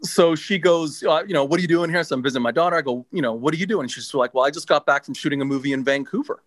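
A man's voice: fairly high pitch, a bit bright, dry recording. A middle-aged man casually telling a long personal story, swearing freely and restarting his sentences. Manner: laid-back, swears freely, halting restarts. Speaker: guest.

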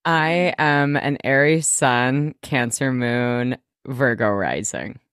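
A woman's voice: a bass voice, takes it slowly, smooth, dry recording, clean studio sound. A woman co-hosting a podcast, talking casually with a wry, laid-back manner. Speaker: podcast co-host.

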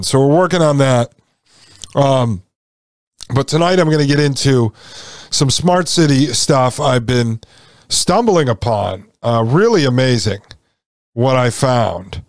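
A man hosting his own podcast, talking loosely and conversationally with lots of "uh"s and side remarks. His voice sits in an ordinary middle pitch and sounds close and dry, with no room around it. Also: lively intonation, slow pace, pauses often, no room sound. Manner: rambling, conversational, with frequent fillers and asides. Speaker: podcast host. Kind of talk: casual monologue storytelling.

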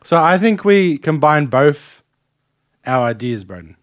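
A man with an Australian accent co-hosting a casual podcast chat, easygoing and quick to laugh. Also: fairly high pitch, big pitch swings, dry recording, clean studio sound. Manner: easygoing, laughs often, agreeable. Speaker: podcast co-host.

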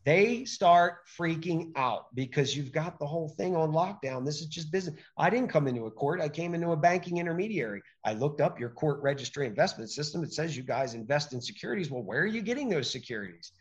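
A man speaking as a podcast guest, emphatic and animated, often acting out little exchanges as he explains. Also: a little high, brisk, few pauses, highs cut off. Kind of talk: conversational interview.

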